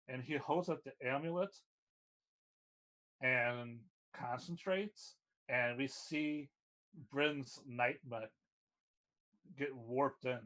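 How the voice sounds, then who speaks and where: Male game master, unhurried scene narration, mid-pitch voice. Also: bright, forceful tone. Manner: unhurried descriptive narration with fillers.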